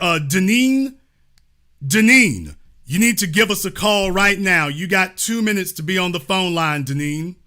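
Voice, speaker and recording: High, bright-voiced mocking male host. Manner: mocking, insulting and repetitive. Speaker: show host. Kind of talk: call-in show arguing with a caller.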